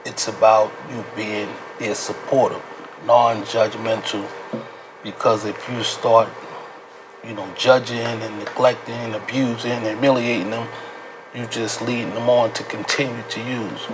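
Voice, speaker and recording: A man's voice: on the low side, little pitch movement, unhurried. A man speaking as a counselor guest on a talk show, explaining in an earnest, supportive way. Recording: noticeable background noise.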